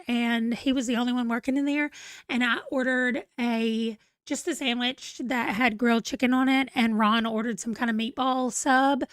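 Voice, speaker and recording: High-pitched forties woman rambling thru a live chat, reading comments out, dry close sound. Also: a bit bright, smooth, no echo. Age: 40s. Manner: chatty and rambling, reads viewer comments aloud. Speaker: book channel host. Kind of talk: casual livestream chat.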